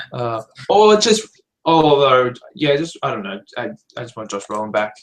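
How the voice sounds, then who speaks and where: A man co-hosting a film podcast, thinking out loud eagerly and changing his mind as he goes. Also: medium pitch, low-quality recording. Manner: eager, thinks aloud, flips ideas. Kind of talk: casual chat.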